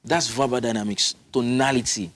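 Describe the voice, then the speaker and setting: A man's voice: mid-range voice, fairly even intonation, normal speed, a bit bright. A man, a public speaking coach, explaining his methods emphatically in a studio interview, often restarting his sentences. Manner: instructive, emphatic, with frequent restarts.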